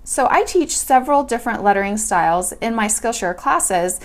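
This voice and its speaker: A woman gives a relaxed, hands-on lettering tutorial, chatting as she works through a sketch. Her voice sits a little on the higher side, and her tone is friendly and informal. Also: normal speed. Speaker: lettering teacher.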